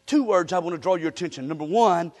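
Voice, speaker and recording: A pastor delivering a fervent sermon, often breaking into shouts. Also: male voice, sits high, fast. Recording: long reverb of a large hall.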